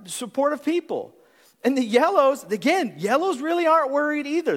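A man preaching a sermon, animated, acting out different personality types in quick voices. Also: very high-pitched, in a large hall. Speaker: pastor.

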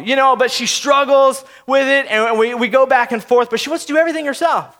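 Male preacher, 30s, high bright voice, chatty storytelling sermon. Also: brisk, few pauses. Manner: storytelling, conversational, speaks to the audience. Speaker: pastor.

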